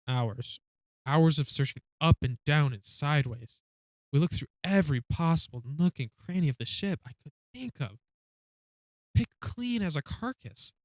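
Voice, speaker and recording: A man's voice: a little high, normal speed, no room sound. Joking man reading a game aloud. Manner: jokey, swears, laughs at himself. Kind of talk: reading and reacting to a narrative game.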